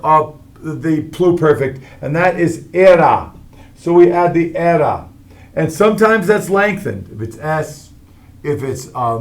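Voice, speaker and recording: A middle-aged man with a slightly high voice walks a class through a Latin grammar lesson. He explains each form step by step and keeps checking in with "all right?". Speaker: Latin teacher.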